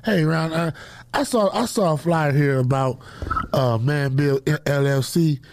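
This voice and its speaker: A man putting on a silly, low, stammering voice as a prank caller on a radio show. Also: unhurried, darkish tone. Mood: awkward. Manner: stammering, repeating words. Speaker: co-host.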